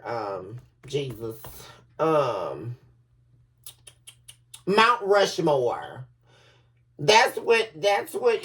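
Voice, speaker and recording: A woman's voice: lowish voice, distant mic. A woman giving a collective tarot reading, chatty and emphatic, laughing often and calling her viewers baby. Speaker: tarot reader.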